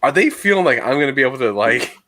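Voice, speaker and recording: Lively, animated podcast guy. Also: medium pitch, fast. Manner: animated, jokey, laughs through stories. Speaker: podcast co-host. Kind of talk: casual chat.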